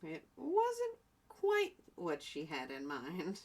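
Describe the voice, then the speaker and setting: A woman teacher reads a storybook aloud for young children at an unhurried pace. She stops often for chatty asides and to explain words. Her pitch rises and falls in a lively, expressive way. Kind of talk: reading a picture book aloud to young children.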